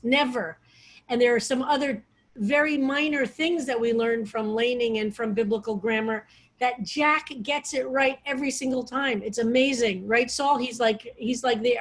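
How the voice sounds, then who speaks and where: A woman rabbi teaching a study group on a video call, explaining in a loose, digressive way with frequent restarts. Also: fairly high pitch. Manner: digressive, restarts often, talks over her own phrasing.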